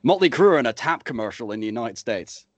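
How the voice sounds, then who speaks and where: Podcast host, mid pitch, dry close mic, blunt and sweary. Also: male voice, expressive, fast talker, no echo. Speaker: podcast host presenting the news. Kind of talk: casual chat.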